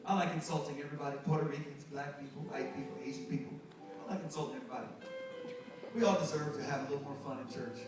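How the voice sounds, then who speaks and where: Animated preacher in an echoey church. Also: male voice, on the high side, rapid-fire. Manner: animated storyteller, joking with the congregation. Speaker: pastor. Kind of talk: sermon with storytelling. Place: church sanctuary. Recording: echoey hall, distant mic, music behind.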